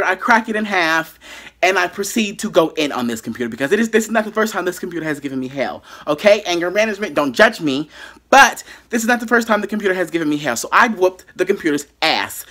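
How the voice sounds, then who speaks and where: A YouTuber with a mid-range, fairly bright voice tells a dramatic story from their bedroom in a storytime vlog. They frequently turn aside to talk directly to viewers.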